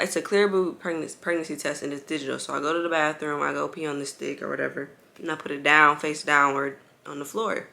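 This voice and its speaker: A young woman chatting to her viewers at home with a very bright, sharp edge and a gravelly fry under her words. She rambles casually, full of "like" fillers, while bouncing on an exercise ball with a baby. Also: low-pitched. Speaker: vlogger.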